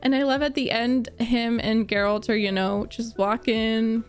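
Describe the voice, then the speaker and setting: A young woman streamer chatting casually with live viewers, gushing, animated and laughing often as she answers their comments. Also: on the high side, measured pace, soft background music. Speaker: streamer reacting to a book series.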